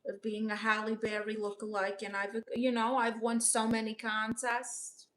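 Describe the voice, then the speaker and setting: A young woman from Brooklyn reading out her chat on a casual livestream, dry, deadpan and sarcastic. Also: a little high, normal speed. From Brooklyn, New York. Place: home in Los Angeles.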